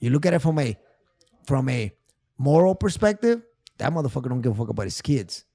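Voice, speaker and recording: A man appearing as a therapist guest on a casual podcast tells an emotional, profane personal story, repeating phrases and calling the host big dog. He talks fast with a medium-pitched, creaky, dark voice in a dry, studio-quality recording.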